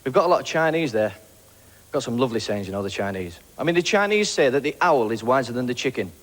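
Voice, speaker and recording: A man from Blackpool with a Lancashire accent, doing a stand-up comedy routine of quick, punchy one-liners. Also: mid-range voice, animated. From Blackpool, England.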